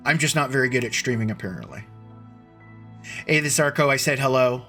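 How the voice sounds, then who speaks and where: A man's voice: mid-range voice, a little fast, pushed and bright, soft background music. A man hosting a casual live stream, rambling and restarting his sentences as he greets viewers by name. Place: at home computer.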